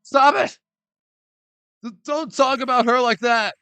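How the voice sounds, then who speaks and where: A man voicing a panicky, earnest young male defense attorney in a high, strained, loud voice. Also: sing-song, measured pace, smooth, exaggerated voice. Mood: indignant. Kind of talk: game dialogue read aloud.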